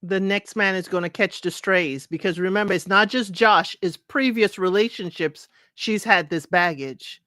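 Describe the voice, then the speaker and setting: A woman co-hosting a podcast, probing the others with pointed follow-up questions in a relaxed back-and-forth. Her voice sits at a middle pitch and sounds dry and close. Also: normal speed, hardly any pauses, no room sound. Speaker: podcast co-host. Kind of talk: casual chat.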